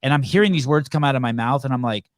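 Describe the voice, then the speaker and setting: Host: lively man who acts out his anecdotes, stammers on restarts, dry close sound. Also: medium pitch, fast talker, no echo. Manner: animated storyteller, acts out dialogue, stammers on restarts. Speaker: podcast host. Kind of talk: casual storytelling.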